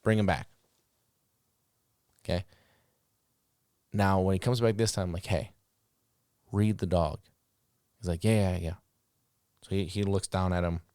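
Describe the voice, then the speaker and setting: A man's voice: sits low, dry recording, studio quality. A man hosting a podcast, casually telling dog-training stories and acting out the commands he called out. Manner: animated, acts out commands and reactions.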